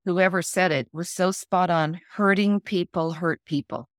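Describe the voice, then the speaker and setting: A woman's voice: fairly low pitch, measured pace, dry recording, studio quality. A middle-aged woman telling a personal story as a guest author in an interview, acting out the lines of the people in it. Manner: animated storyteller acting out quoted lines, laughs.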